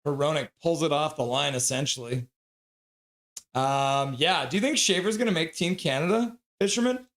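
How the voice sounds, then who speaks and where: A man with a slightly high voice calls a game live for his stream from home. He gets excitable and cries out when the play turns. Between plays he drops into soft baby talk for his dog. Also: moderate pace. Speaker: livestream host calling the game.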